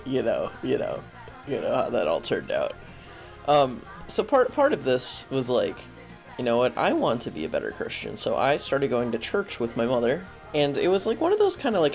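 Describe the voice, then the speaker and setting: A man's voice: medium pitch, creaky. A young man casually telling a personal story, rambling with frequent restarts and fillers and swearing now and then. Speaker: vlogger.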